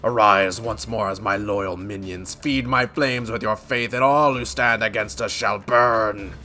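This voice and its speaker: A man's voice: fairly low pitch, measured pace, bright, forceful tone, soft background music. A man voicing a wrathful fire god who proclaims in archaic speech. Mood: commanding.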